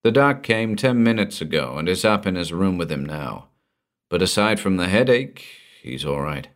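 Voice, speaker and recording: A man reading a story aloud, voicing a tough hired bodyguard who talks bluntly in a gruff, raspy way. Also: low-pitched, animated, normal speed. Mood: offhand.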